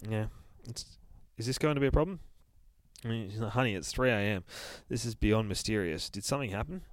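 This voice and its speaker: A man's voice: on the low side, fairly quick, slight background noise. A man casually recapping a horror comic, swearing constantly and acting out the characters' lines. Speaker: comic book podcast host.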